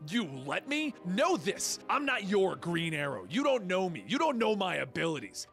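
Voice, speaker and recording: A man's voice: sits high, big pitch swings, normal speed, creaky, fairly bright tone, faint music behind, voice pushed up, full character voice. A man voicing an angry, confrontational adult male archer hero in a retold comic story. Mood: threatening.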